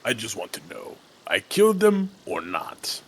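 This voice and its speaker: A man voicing the Trapper, a rude, brutish male killer in a dating-sim game, speaking gruffly and throwing insults. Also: medium pitch, huge pitch swings, a little slow, heavily acted. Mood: scornful.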